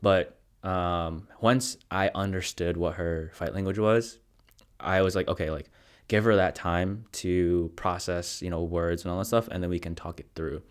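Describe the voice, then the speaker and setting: A man hosting a podcast, chatting in a relaxed way and laughing often. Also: sits low, moderate pace. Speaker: podcast host. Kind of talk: casual interview chat.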